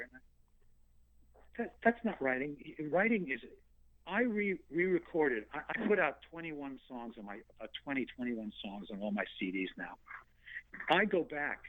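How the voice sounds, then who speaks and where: A singer-songwriter in his sixties from New York, telling animated stories and acting out dialogue as an interview guest. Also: mid-range voice. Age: 60s. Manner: animated storyteller who acts out dialogue and laughs. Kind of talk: phone interview. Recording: tinny phone line.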